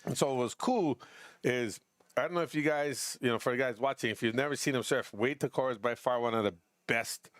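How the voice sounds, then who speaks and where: A middle-aged man, telling stories and calling surf heats in casual live commentary, animated and quick to act out his friends' voices. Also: no room sound, clean studio sound. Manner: animated storyteller, jumps pitch to act out friends.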